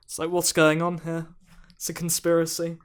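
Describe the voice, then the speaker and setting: Wry, deadpan male co-host, slightly high. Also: moderate pace, clean tone. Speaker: podcast co-host. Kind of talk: casual podcast chat.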